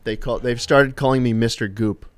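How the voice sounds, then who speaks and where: A man's voice: mid-range voice, steady tone, normal speed. A man telling loose, amused anecdotes during a live stream, rambling with fillers and casual swearing. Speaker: streamer and co-host.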